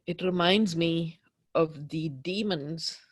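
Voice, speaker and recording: A woman leading a guided tapping session, speaking slowly and emphatically as she voices raw anger and fear. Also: low voice, husky, no room sound. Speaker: tapping practitioner.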